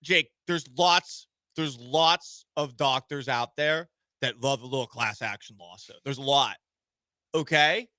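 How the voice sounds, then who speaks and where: A man hosting a sports talk radio show, animated and joking in a rapid-fire way. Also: mid-range voice, no echo. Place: radio studio.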